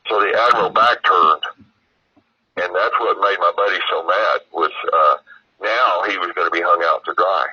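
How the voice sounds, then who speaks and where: Husky low-voiced man, rambling story. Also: normal speed, no room sound, highs cut off. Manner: rambling, profane, lots of "you know". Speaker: interview guest. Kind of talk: casual storytelling.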